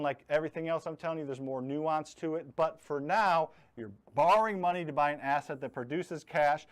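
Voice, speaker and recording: A man hosting a live online investing class, talking bluntly and jokingly and leaning hard on his key words. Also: a little high. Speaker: host teaching real estate investing. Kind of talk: live online training talk.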